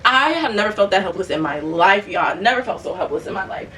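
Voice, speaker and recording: A young woman vlogger, telling a story in animated, casual chat while cleaning her bedroom, addressing viewers as y'all. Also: medium pitch, fast, recorded from a distance, background noise. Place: bedroom at home.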